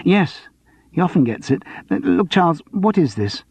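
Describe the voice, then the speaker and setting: A man's voice: a little high, sing-song, normal speed, darkish tone, husky, dry recording, voice pushed up, exaggerated voice. A man voicing a flustered, defensive middle-aged woman who runs a theatre box office, in a storybook reading. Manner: anxious, defensive, sarcastic. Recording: dull lo-fi dry audiobook recording.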